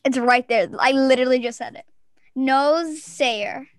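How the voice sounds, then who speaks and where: A woman hosting a casual podcast over a Zoom call, chatty and giggly, breaking into quick excited bursts. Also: sits high, dry recording, studio quality. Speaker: podcast host. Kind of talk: casual chat.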